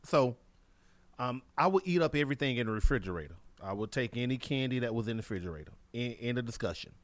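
A man casually telling a funny childhood anecdote in an animated way. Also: mid-range voice, fast talker, dry recording. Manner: lively, animated storyteller.

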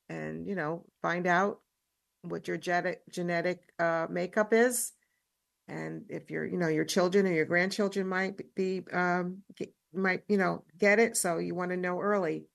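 Woman radio host, low gravelly voice, dry close studio sound, casual chatty interview manner. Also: fairly bright tone, no room sound.

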